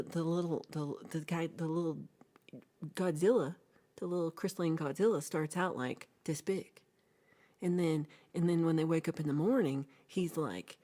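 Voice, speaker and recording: Woman host, low, warm voice, playful rambling storyteller. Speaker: livestream host. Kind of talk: casual chat, retelling a film.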